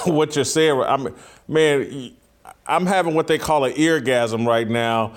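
A man hosting an interview, asking his guest questions in an excited, stammering way. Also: medium pitch, slow pace. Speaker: show host. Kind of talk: casual interview.

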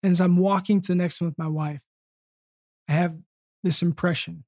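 Earnest, halting man with a dry sound. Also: sits high, fairly even intonation, dark tone, dry recording. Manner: earnest, halting storytelling with many restarts. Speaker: podcast guest. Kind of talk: casual conversation.

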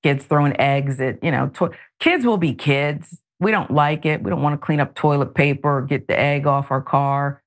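A middle-aged woman hosting a news talk show, reading stories and adding pointed, animated commentary. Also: low-pitched, moderate pace, few pauses. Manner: animated, editorializing with pointed asides.

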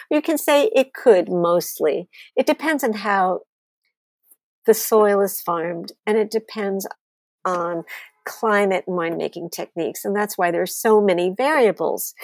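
A woman, a wine author telling candid stories as an interview guest, blunt and animated, acting out what people said. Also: mid-range voice, no echo. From United States. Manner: blunt, animated storyteller who swears and acts out quotes.

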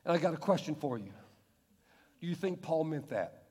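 A man with a high-pitched voice preaches to his congregation, pressing his points with rhetorical questions. He slows to a crawl to hammer key words home. His voice rings through a large church with a long, lingering reverb. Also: big pitch swings, dark tone, husky. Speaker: pastor. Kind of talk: sermon. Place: large church hall with screen.

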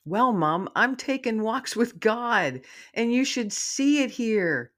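Lady doing a happy pup boy voice, high and bouncy, storybook read aloud. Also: sing-song, slow. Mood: excited. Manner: eager, bouncy, sweet. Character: excited young male dog spirit, playful.

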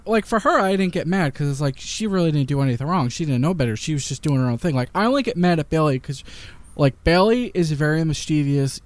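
A man's voice: fairly high pitch, a little mellow, dry recording. A man chatting casually on a podcast, telling a story in an easygoing way. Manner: easygoing storyteller, uses sports comparisons. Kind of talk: casual chat.

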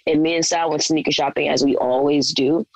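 A woman co-hosting a podcast, chatting casually as a lively, slangy storyteller. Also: low-pitched, fairly quick, rough recording. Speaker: podcast co-host. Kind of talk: casual chat.

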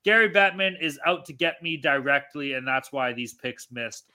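Foul-mouthed ranting man, sharp voice. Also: on the high side, expressive, moderate pace. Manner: profane, ranting, exasperated. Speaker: podcast co-host. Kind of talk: casual sports-betting chat.

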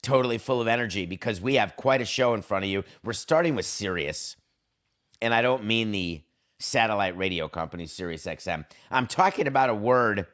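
Hosting his solo sports podcast on a studio mic, a man speaks in a somewhat low, slightly bright voice. He jumps between dry, wry asides and hammy, mock-grand reading.

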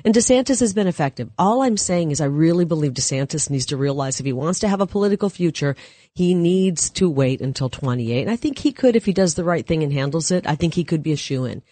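A woman's voice: deep voice, lively intonation, quick pace, dark tone, dry recording. A middle-aged woman talking as a guest on a political talk show, emphatic and punchy.

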